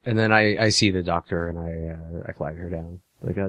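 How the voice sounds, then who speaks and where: A man describes his actions in a tabletop game, hesitating often. His voice sits low. The sound is dry and close. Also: fairly even intonation, a little fast, hardly any pauses, a bit bright, no echo, muffled recording. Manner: hesitant, many fillers. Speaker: player. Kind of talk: casual tabletop game play.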